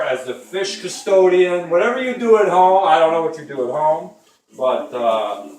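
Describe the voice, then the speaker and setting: High-voiced man rambling jokes in a kitchen. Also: reverberant, recorded from a distance. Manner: rambling, jokey asides to viewers. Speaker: home cooking show host. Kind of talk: joking cooking demonstration.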